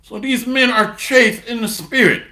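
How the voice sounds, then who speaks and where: In an echoing, spacious room, a high-voiced man delivers a slow sermon, reading from scripture. There's a gravelly edge to his bright, sharp delivery, and he's blunt and mocking as he presses his points.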